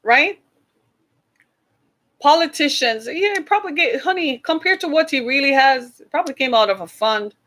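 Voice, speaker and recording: A woman's voice: sits high, expressive, normal speed, fairly bright tone. A woman hosting an online show, talking earnestly to her viewers, with preachy repeated calls for them to listen. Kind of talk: impassioned livestream talk to viewers.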